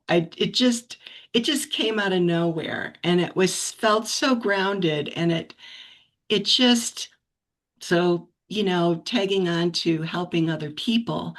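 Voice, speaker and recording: Woman, lowish voice, telling a personal story on a video call, reflective and unhurried, restarts often. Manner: reflective, with frequent restarts and soft laughs. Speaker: practice group member sharing a story. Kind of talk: casual personal sharing.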